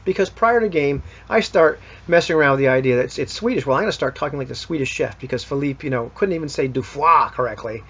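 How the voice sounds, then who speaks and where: A man's voice: medium pitch, expressive, fast, few pauses, slightly rough. A man recapping a tabletop game session in a rambling, casual way, full of fillers and restarts. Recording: dull lo-fi recording.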